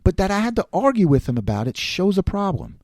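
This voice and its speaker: A middle-aged man hosting a podcast, delivering an opinionated political monologue in a sarcastic, animated way. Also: sits high, quick pace, no echo, studio quality. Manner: animated, sarcastic, quotes others in put-on voices. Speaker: podcast host.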